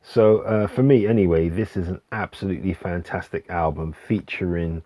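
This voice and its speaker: A man casually reviewing albums he recommends, hesitant with many fillers and restarts, relaxed and enthusiastic. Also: deep voice, normal speed, no echo. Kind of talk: casual music review vlog. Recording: dull lo-fi dry recording.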